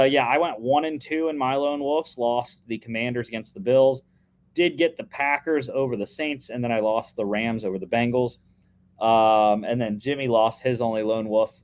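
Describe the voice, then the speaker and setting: Chatty man talking football picks. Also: mid-range voice. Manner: chatty, many fillers and restarts. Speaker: podcast co-host making football picks. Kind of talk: casual sports talk.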